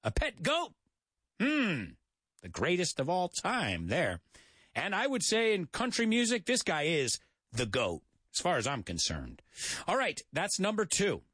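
A man's voice: high-pitched, wildly swooping pitch, normal speed, bright, forceful tone, husky, no room sound, clean studio sound. An American man hosting a radio show, teaching English in a playful, jokey manner and mixing in Spanish explanations. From United States.

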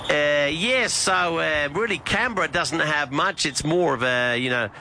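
Chatty reporter, male, laid-back and rambling, bright voice, voiced by a man. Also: on the high side, measured pace, slight background noise, full character voice. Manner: casual, rambling, full of fillers and "mate".

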